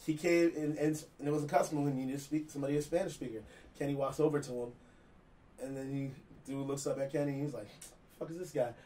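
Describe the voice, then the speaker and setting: A man's voice: mid-range voice, steady tone, fast talker, dark tone. A man from New Jersey co-hosting a podcast who jokes, teases and swears while he tells stories. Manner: joking, profane, teasing. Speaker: podcast co-host. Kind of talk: casual chat, storytelling. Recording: distant mic in a room.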